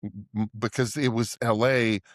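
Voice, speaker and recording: On a casual podcast, a middle-aged male co-host rambles through a long, profane story, laughing along the way. His voice is fairly low with fairly even intonation and a moderate pace. The recording is dry and close, with no echo or room around it.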